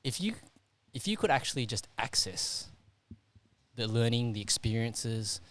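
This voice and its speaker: A man hosting a casual chat, working through an idea out loud and checking in with the listener as he goes. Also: mid-range voice, big pitch swings, measured pace, slight background noise. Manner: thinks out loud, keeps checking in with "right?".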